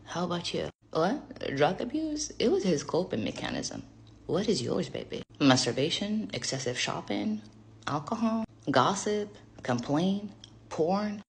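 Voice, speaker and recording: Sassy low-voiced woman, animated delivery. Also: measured pace, creaky, a little hiss or hum. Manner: sassy, profane, teasing, laughs often; swings between hushed whispers and loud emphatic bursts. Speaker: vlogger. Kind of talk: casual monologue to camera.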